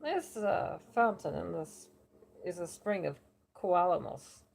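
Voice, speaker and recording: A woman voicing a glib, self-satisfied male oracle in a deliberately bad put-on New York accent, chatty and boastful. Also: fairly low pitch, sing-song, vocal fry, a little mellow, slight background noise, heavily acted.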